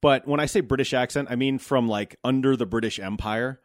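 A man's voice: mid-range voice, brisk, dry recording, studio quality. A man in his thirties from the United States, a podcast host talking casually about his day in a loose, wry, profane way. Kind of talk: casual monologue.

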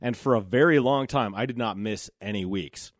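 A man's voice: fairly low pitch, normal speed, no room sound, clean studio sound. A man in his forties hosting a solo podcast, talking candidly and reflectively, with casual swearing. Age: 40s. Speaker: podcast host.

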